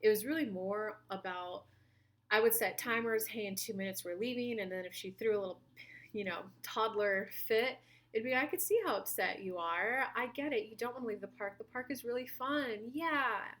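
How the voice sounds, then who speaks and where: A woman's voice: mid-range voice, moderate pace, fairly bright tone. A woman giving a chatty monthly tarot reading, telling personal stories and acting out what other people said. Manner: chatty, storytelling, acts out quoted voices. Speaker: tarot reader and spiritual coach.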